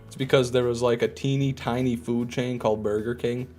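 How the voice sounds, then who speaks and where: A man's voice: mid-range voice, a little fast, faint music behind. A man casually chatting and joking with his chat while he streams a game. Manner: relaxed, joking, repeats himself. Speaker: gaming streamer. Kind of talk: casual live commentary reading chat.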